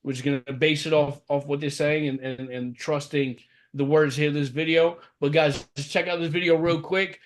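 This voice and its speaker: A man's voice: on the high side, steady tone, moderate pace. A man co-hosting a casual podcast, laid-back and laughing, with many fillers. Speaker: podcast co-host.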